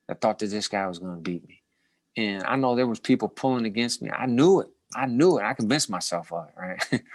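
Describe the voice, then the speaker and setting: A middle-aged man, once a boxing champion, tells his fight stories with a low voice. He talks in bursts, repeats and restarts his words, and laughs often. His voice sounds dry and close, with no room around it. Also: vocal fry, no room sound. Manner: animated storyteller with many restarts and repeated words. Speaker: former boxing champion, guest. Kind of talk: storytelling in a casual interview.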